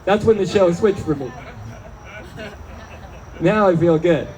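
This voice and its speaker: A man's voice: high-pitched, slow, darkish tone, poor audio. A man doing a stand-up set in a small club, chatty and wry, riffing with the crowd. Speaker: stand-up comedian. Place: small bar or club, live show.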